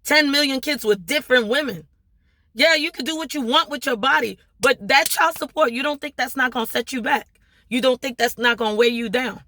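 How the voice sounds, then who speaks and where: A woman's voice: high-pitched, fairly quick, sharp tone. A woman from Maryland with a local accent, giving an impassioned motivational talk to her viewers, emphatic and full of rhetorical questions. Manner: preachy, emphatic, repeating rhetorical questions with "right?". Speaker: small business owner and vlogger.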